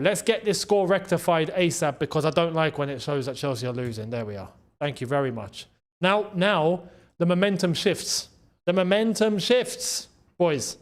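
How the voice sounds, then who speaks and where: A man hosts a live football watchalong and talks to his viewers as the match plays. His voice sits high and swings widely in pitch. He breaks into shouts at goals and near misses.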